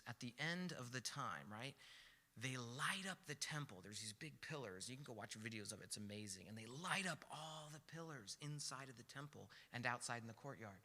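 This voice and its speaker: A man's voice: medium pitch, pushed and bright. A young man giving a casual, conversational sermon at a young adults service, telling stories with chatty asides. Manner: chatty, storytelling, with many "like" and "right?" asides. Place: church hall. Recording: long hall reverb with faint music.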